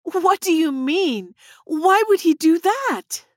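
A woman's voice: high voice, measured pace, dry recording, clean studio sound, voice pushed up. A woman voicing a determined young girl who questions fiercely. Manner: demanding, fierce.

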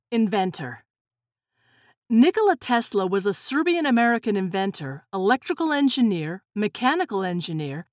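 A woman narrating a children's storybook in a steady, clear reading voice. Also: fairly high pitch, dry recording, studio quality. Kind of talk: children's storybook read-aloud.

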